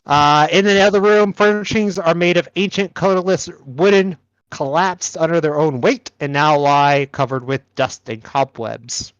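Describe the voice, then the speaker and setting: A man's voice: fairly high pitch, moderate pace, fairly bright tone, clear, resonant tone, no room sound, highs cut off. A man narrating a tabletop game as game master, describing scenes with fillers like "uh".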